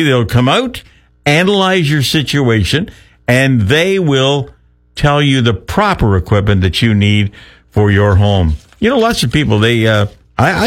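A man hosting a morning radio show, chatting through an ad read and a funny news story. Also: mid-range voice. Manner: chatty, laughing at his own story. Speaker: radio host.

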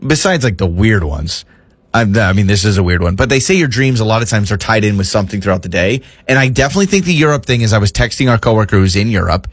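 A man co-hosting a radio show, telling a story in casual banter with an animated, exaggerated delivery. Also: on the low side, quick pace, husky, no room sound.

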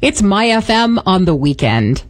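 A woman co-hosting a casual radio morning show, delivering jokes in a wry, deadpan way. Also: medium pitch, unhurried, noisy background.

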